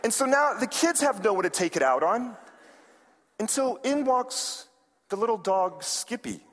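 A man with a high voice delivers a sermon in a large sanctuary, his words carrying a long reverb off the hall. He tells stories with animation and raises his voice to play the people in them. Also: measured pace. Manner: animated, acts out quoted characters with raised voice. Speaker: preacher. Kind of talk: sermon with storytelling.

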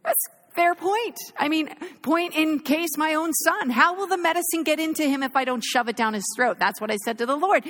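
A woman in her thirties preaching an animated sermon in a chapel, telling a story with laughter. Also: high-pitched, normal speed, a little hiss or hum.

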